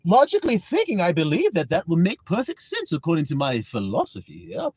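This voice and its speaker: A man's voice: a little high, wildly swooping pitch, brisk, darkish tone, husky, dry recording, full character voice. A preacher voicing a pompous, self-assured male scholar who talks down to others. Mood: haughty. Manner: haughty, condescending.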